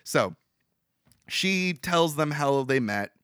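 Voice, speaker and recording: A young man co-hosting a podcast, recapping a movie in rambling, animated casual chat with frequent laughs. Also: a little high, takes it slowly, clean tone, no echo, clean studio sound.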